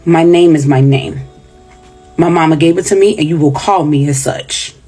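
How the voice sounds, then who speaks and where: Woman in her 30s, deep husky voice, super firm no nonsense. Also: moderate pace, mellow, faint music behind. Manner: firm, emphatic. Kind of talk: reaction video rant.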